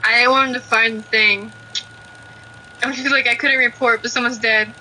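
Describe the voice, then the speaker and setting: A woman's voice: on the high side, fairly even intonation, moderate pace, bright, forceful tone, slight background noise, low-quality recording. A woman playing a video game with her cousin, blunt and laid-back, swearing casually. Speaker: cousin and fellow player. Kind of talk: casual gaming banter.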